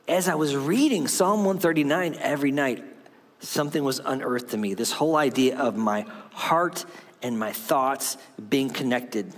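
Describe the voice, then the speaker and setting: A male pastor preaching a sermon, telling a story and acting out the voices in it. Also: on the high side. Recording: long hall reverb.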